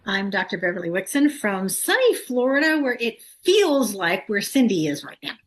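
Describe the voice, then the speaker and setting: A woman's voice: mid-range voice, sing-song, moderate pace. A woman guest chatting casually on a talk show, conversational with light laughs. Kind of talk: casual chat.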